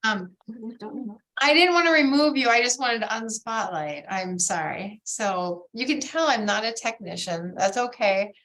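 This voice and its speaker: A woman's voice: on the high side, animated, measured pace, a bit bright. Bubbly, gushing woman hosting a video call. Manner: bubbly, gushing, keeps saying "oh my gosh". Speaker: bead society meeting host.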